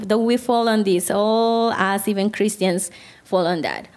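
A woman's voice: a little high, normal speed. A woman therapist giving a Christian counseling talk to a group, speaking conversationally and often putting questions to her listeners. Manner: conversational, asks the audience questions.

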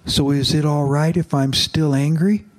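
A man voicing a grieving middle-aged father, halting and pleading, as he reads aloud from a novel. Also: a little high, steady tone, lightly acted.

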